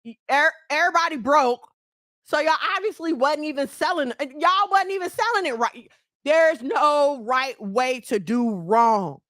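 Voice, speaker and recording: A woman's voice: high voice, lively intonation, unhurried, a bit bright, no room sound, studio quality. A middle-aged woman hosting her channel, talking bluntly and animatedly as she lectures women, scolding and now and then laughing. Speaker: channel host. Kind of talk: preachy commentary to women.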